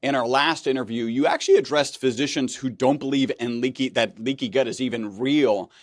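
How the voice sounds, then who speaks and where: A male interviewer at mid pitch asks questions in a chatty, casual way. The sound is close and dry, with no room around it. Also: brisk, no room sound. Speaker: interviewer host.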